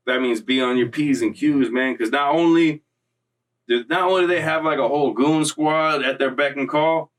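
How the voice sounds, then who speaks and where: A man hosting his own vlog, telling prison stories in slangy, profane, animated casual talk. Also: on the high side, normal speed, distant mic. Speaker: vlog host. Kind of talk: casual storytelling.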